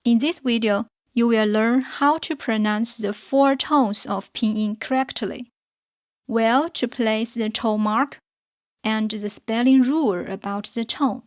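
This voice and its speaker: Slow, careful woman teaching pinyin tones. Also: fairly high pitch. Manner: slow, careful model pronunciation for learners to repeat. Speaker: Chinese teacher. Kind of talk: slow scripted pinyin lesson.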